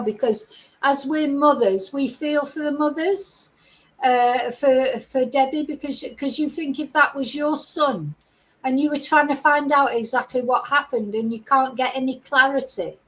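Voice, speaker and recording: A woman's voice: high voice, low-quality recording. A middle-aged woman, hosting a chatty live-stream commentary, reading out news and asking her viewers rhetorical questions. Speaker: host.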